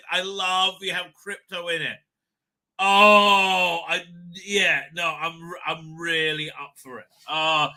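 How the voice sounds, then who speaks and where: A middle-aged man hosting a casual livestream, rambling excitably, swearing freely and laughing often. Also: a little high. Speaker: livestream host. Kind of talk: casual live chat.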